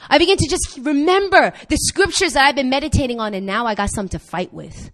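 A woman preaching a sermon to her congregation, impassioned and rising to near-shouts on key points, firing quick questions at the listeners. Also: high voice, lively intonation.

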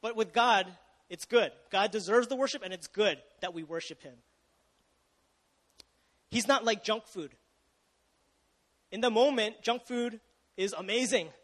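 A young man preaching in a relaxed, conversational way, with a light, high voice. He keeps asking his listeners questions and stumbles over restarts, and his words ring out with a long hall echo. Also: unhurried, pauses often. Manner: casual, chatty, asks the audience questions, self-interrupting. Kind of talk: sermon.

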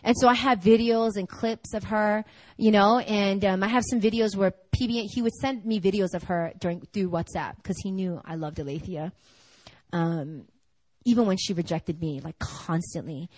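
A young adult woman preaching a conversational sermon, telling stories in a chatty, animated way full of "like" and laughter. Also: medium pitch, normal speed, no echo, rough recording.

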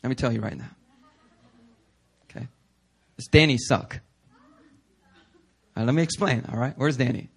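A man's voice: mid-range voice, normal speed, gravelly, pauses often, a bit bright, husky. A young male pastor giving a sermon in a church, telling stories in a casual, joking way.

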